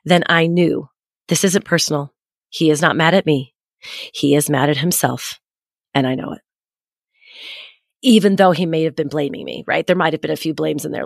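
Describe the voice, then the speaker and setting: A woman's voice: lowish voice, normal speed, creaky, no room sound, clean studio sound. A woman in her forties hosting a parenting podcast, telling a personal story candidly and acting out what people said. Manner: candid, reflective, acts out quoted voices.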